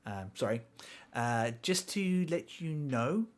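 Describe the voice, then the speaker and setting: A man's voice: mid-range voice, lively intonation, takes it slowly. A man acting as game master on a tabletop game stream, narrating and wrapping up the episode with news for viewers.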